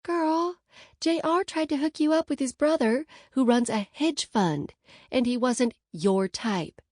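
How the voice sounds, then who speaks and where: A woman's voice: high voice, measured pace, a little mellow, no room sound, clean studio sound, voice pushed up. A woman voicing a playful, teasing young bride-to-be in an audiobook, bubbly and pushy. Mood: coaxing. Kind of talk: audiobook character voice.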